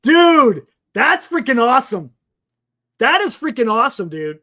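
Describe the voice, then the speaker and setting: A man's voice: extremely high pitch, big pitch swings, a little slow, bright, forceful tone, faint music behind. A man co-hosting a sports talk show, enthusiastic and chatty, saying "dude" a lot. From United States. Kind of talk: casual banter.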